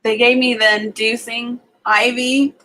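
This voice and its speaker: A woman's voice: on the high side, flat delivery, a little slow, bright, forceful tone, low-quality recording. A young woman co-hosting a livestream, chatting casually and telling personal stories with lots of "like" fillers. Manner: chatty storytelling, frequent "like" fillers. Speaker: livestream co-host. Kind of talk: casual chat.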